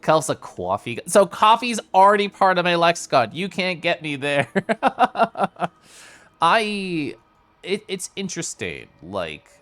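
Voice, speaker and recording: A young man streaming a game, chatting casually with his viewers in a flowing, animated monologue and laughing often. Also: mid-range voice. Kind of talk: casual live-stream chat while gaming.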